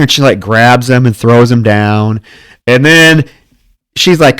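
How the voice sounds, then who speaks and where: A podcast co-host recaps a slasher film with lively, casual energy. He slips into the characters' voices as he tells the story. His medium-pitched voice sounds close and dry, with little room echo. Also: moderate pace, clear, resonant tone. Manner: animated retelling, acts out the characters' lines. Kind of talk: casual film-review chat.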